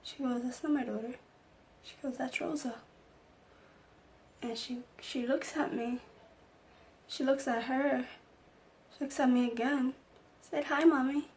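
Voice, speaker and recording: Young woman vlogging a storytime, kinda high voice, faint hum behind her. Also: steady tone, a little slow, long pauses, a little mellow. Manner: emotional personal storytelling, acting out quotes. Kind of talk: storytime vlog.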